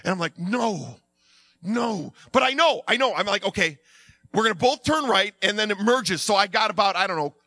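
A middle-aged man preaching through a personal story, animated, acting out his own voice, sometimes dropping low and quiet. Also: quick pace, no room sound. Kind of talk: sermon told as a personal story.

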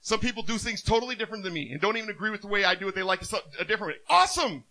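A man preaching a sermon as a minister, telling stories in an animated way and laughing often. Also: high-pitched, racing.

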